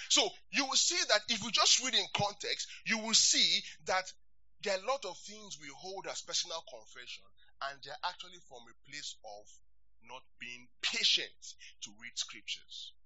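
A man preaching a sermon as pastor, animated and calling for responses from the congregation. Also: high-pitched, moderate pace, no echo, highs cut off.

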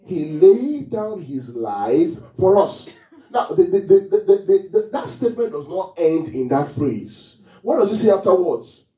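A pastor gives a sermon in a high, warm, sing-song voice, taking his time. He keeps asking the congregation questions and waits for them to respond. A far-off mic captures him in an echoing hall.

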